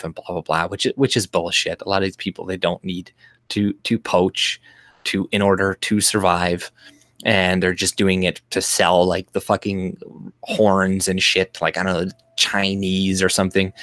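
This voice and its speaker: A man's voice: sits low, level tone, moderate pace, a bit bright, dry recording. A man from Canada hosting a casual political livestream from his home, rambling and profane, restarting often and mimicking people he mocks. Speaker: livestream host. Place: home room.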